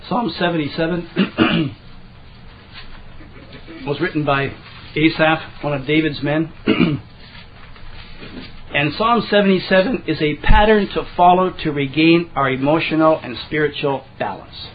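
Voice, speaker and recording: A man with a fairly high voice preaches in a relaxed, folksy way. He stumbles over and repeats his words, then slows down to read scripture. The recording is dull and lo-fi. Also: slight background noise. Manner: folksy, repeats and restarts words, reads scripture slowly, clears throat often. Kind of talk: conversational sermon.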